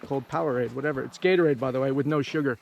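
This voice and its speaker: A man's voice: medium pitch, very fast, vocal fry, lo-fi sound, slight background noise. A man bantering sarcastically with a riding mate outdoors on a dirt trail. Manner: sarcastic, teasing, mocking impressions of his mate. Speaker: vlogger riding dirt bikes. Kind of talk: casual banter between riding mates.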